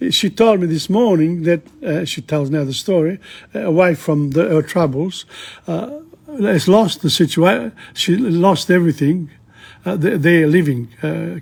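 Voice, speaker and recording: A man teaching a language lesson, reading a dialogue line by line and translating it, chatty and halting with frequent asides. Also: sits high, vocal fry, breathy edge.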